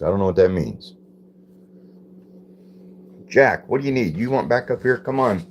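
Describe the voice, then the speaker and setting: A man's voice: fairly low pitch, lively intonation, moderate pace, pauses often, slight background noise. A man hosting a casual live stream, reading viewer comments aloud, repeating phrases and puzzling over them.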